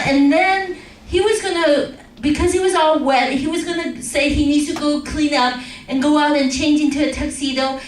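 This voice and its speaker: A woman pastor with a high voice tells a story in a chatty, conversational sermon. She sounds roomy and somewhat distant from the microphone. A faint hum of the room sits behind her. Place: church sanctuary. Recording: echoey room, distant mic.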